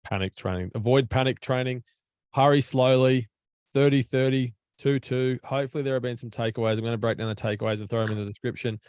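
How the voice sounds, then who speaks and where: A man's voice: mid-range voice, fairly even intonation, fast talker, a little mellow, clear, resonant tone, dry recording, studio quality. An Australian man hosting a casual podcast over an online call from home, chatty, blunt and matey. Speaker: podcast host.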